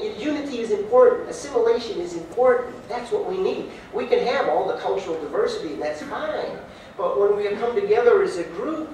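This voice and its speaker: A man who is running for mayor gives a debate answer in a loose, folksy manner, stumbling over fillers and asides. His voice sits a little high. It comes from a distance in a big, very echoey hall with a faint hiss. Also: darkish tone. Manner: folksy, rambling, with filler words. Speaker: mayoral candidate. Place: large echoey hall, heard from far off.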